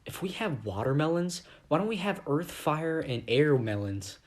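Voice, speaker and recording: A man's voice: fairly high pitch, very animated, moderate pace. A man voicing Marvin, a young man who earnestly asks odd, puzzled questions. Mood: curious.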